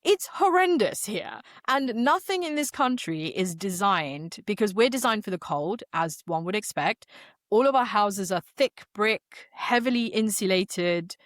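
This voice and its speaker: Animated, slangy English woman. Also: medium pitch, measured pace, dry recording, clean studio sound. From England. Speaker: podcast co-host. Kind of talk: casual chat.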